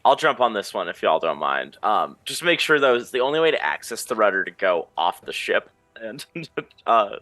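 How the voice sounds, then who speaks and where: A man playing a tabletop game, his low voice bright and forceful. He talks through his moves casually, laughing often. The sound is dry. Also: big pitch swings, normal speed, dry recording, soft background music. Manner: laughs often, speaks in character in bursts. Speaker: player.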